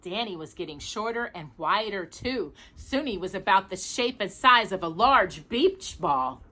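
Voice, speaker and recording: A woman storyteller reading a picture book aloud. Her voice is bright, and her pitch moves a great deal as she animates the story. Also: unhurried. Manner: expressive, animated.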